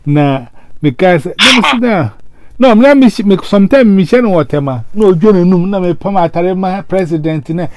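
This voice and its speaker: A man hosting a casual chat, animated, with frequent exclamations. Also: sits high, moderate pace, no echo. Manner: animated, mixing English and local language, frequent exclamations.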